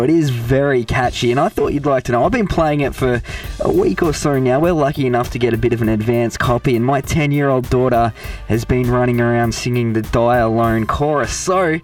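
A man's voice: mid-range voice, brisk, recorded from a distance. An Australian man hosts a podcast interview in an upbeat, chatty way. His voice sits in an ordinary middle register and sounds a little set back from the microphone. Faint music plays underneath. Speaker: podcast host. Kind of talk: casual interview.

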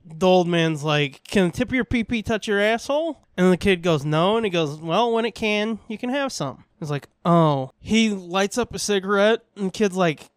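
A man's voice: high-pitched, expressive, moderate pace, hardly any pauses, smooth, dry recording, clean studio sound. A man co-hosting a podcast in casual chat, swearing freely, rambling through stories and laughing often. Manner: profane, rambling, laughs a lot. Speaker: podcast co-host.

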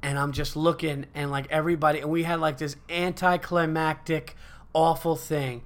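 A man's voice: fairly high pitch, normal speed. A man hosting a podcast, telling a story in a casual, rambling, profane way. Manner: animated, profane, rambling with fillers. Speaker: podcast host.

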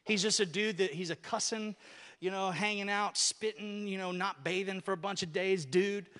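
Guy preaching a sermon, high voice, gets loud and animated, big reverby hall sound. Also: normal speed. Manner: animated storytelling, rising to near-shouting at peaks. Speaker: pastor.

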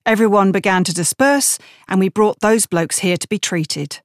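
A woman's voice: mid-range voice, moderate pace, dry recording, studio quality, natural voice. A woman voicing a shaken, weary young male private in an audiobook, talking earnestly and with some hesitation.

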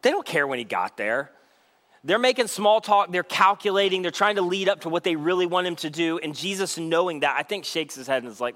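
A man with a fairly high voice preaching a sermon. He keeps it conversational and casual, with plenty of "like". He slips into the voices of the people he quotes. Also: expressive, a little fast, a bit bright. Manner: acts out quoted voices with shifts in pitch and pace. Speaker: pastor.

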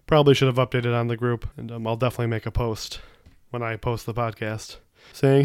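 A young man chats loosely on his own solo podcast, wandering between thoughts and correcting himself mid-sentence. His voice is smooth and clean, at an ordinary middle pitch. It is recorded on a close mic in a dead, dry space. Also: level tone, fairly quick, no room sound. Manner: rambling, loose, self-correcting. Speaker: podcast host. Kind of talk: casual solo podcast chat.

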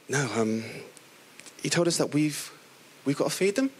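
A middle-aged man from the area preaching a lively, playful sermon, acting out the characters in the stories he tells. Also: sits high, measured pace, long pauses. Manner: playful, animated storytelling with voiced characters.

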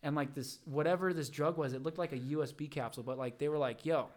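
A man's voice: fairly high pitch, fast. Young man rambling through a casual story. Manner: rambling, animated storytelling with many fillers and acted-out quotes. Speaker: podcast guest. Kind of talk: casual chat.

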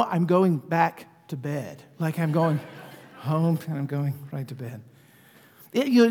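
A man preaching a sermon, praying and then telling a personal story in a relaxed way with frequent restarts. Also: high-pitched. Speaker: pastor. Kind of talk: sermon with prayer and personal anecdote. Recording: long reverb of a large hall.

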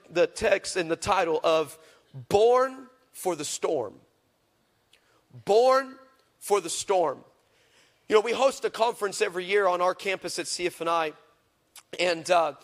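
A male pastor preaching a sermon, with fervent declarative prayer and lively storytelling full of repetition. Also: high-pitched. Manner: lively storyteller who acts out dialogue.

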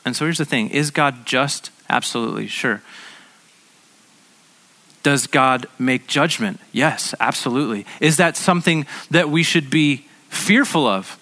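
A man's voice: medium pitch, unhurried, pushed and bright. A man preaching a sermon as a pastor, in a conversational way that often repeats words as he restarts.

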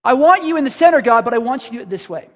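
Middle-aged guy preaching, really high voice, chatty and self-mocking, big church echo. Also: animated, racing, fairly bright tone. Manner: conversational, self-deprecating, acts out prayers. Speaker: pastor. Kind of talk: sermon. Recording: reverberant church hall.

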